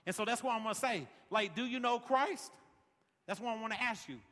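A man's voice: very high-pitched, a little fast, pushed and bright, big-room sound. A man preaching a sermon as pastor, peppering his lines with "man" and building rhythmic refrains. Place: large worship center.

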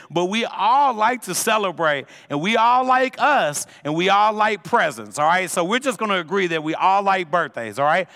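Man, pastor, lively sermon, gravelly edge, long hall reverb. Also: high-pitched. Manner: energetic, conversational preaching, says "man" constantly. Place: church sanctuary.

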